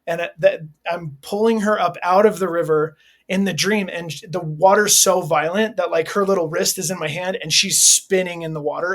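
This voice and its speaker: A man's voice: on the high side, fairly bright tone. A man in his forties, a hardcore vocalist being interviewed, talking candidly in a laid-back, earnest way full of slang fillers. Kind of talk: candid casual interview talk.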